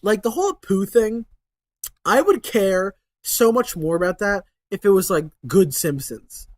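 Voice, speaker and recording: A man's voice: high-pitched, animated, unhurried, darkish tone, dry recording. A man hosting his channel in a casual rambling monologue, sarcastic and swearing, with lots of fillers. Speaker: channel host.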